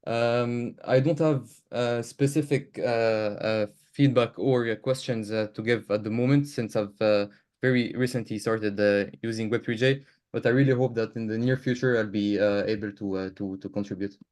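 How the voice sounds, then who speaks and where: A man introducing himself as a research developer on a video call, speaking haltingly with constant "uh" fillers. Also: lowish voice, fairly even intonation, darkish tone.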